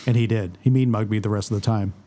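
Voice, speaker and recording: A man's voice: lowish voice, fast. A man, a guest photographer in a casual podcast conversation, telling stories and acting out what others said. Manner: storytelling, animated quoting of others.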